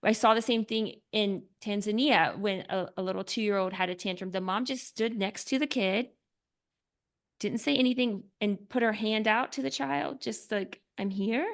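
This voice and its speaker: A woman author talking earnestly as a podcast guest, often filling with "like" and dropping to a soft hush when describing calm. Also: medium pitch, normal speed. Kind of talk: podcast interview.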